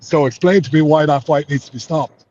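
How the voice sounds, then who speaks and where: A man's voice: on the high side, fairly quick, a little mellow, dull audio, a little hiss or hum. A man with an Irish accent, a fighter in an interview, talking heatedly and swearing a lot. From Ireland. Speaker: MMA fighter.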